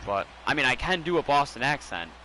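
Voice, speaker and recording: A man's voice: medium pitch, very animated, fairly quick, noisy background. A man from Massachusetts with a western Massachusetts accent, chatting in a rambling, jokey way while playing a video game.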